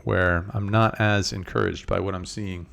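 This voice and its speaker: Laid-back low-voiced male poker streamer. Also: fairly even intonation, moderate pace, gravelly, fairly bright tone. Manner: laid-back, chatty, multitasking while reading chat. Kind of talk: casual live-stream poker commentary. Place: in Las Vegas.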